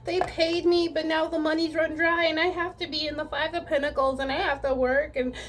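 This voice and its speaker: A woman's voice: high voice, flat delivery, fairly quick, pitched above the performer's own voice, lightly acted. A woman putting on a mocking voice of a whiny, self-pitying person playing the victim. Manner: mocking, whining.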